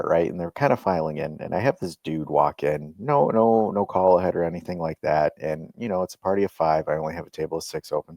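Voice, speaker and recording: Man, lowish voice, casual podcast storytelling, animated, swears freely, dry close sound. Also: creaky, no room sound. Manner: animated, profane, swings between loud and quiet. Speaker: podcast co-host, restaurant owner.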